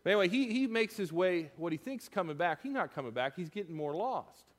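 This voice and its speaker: A man preaching to his congregation in a somewhat high voice, swinging between loud excited bursts and quiet asides. The long reverb of a church hall trails after his words. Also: fairly quick. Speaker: pastor. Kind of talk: storytelling sermon. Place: church sanctuary.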